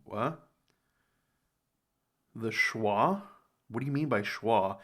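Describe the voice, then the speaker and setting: An American man hosting a reaction video, thinking aloud in casual commentary, rambling and jumping into sudden high exclamations. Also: very slow, long pauses. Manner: rambling, thinks aloud, animated jumps in pitch.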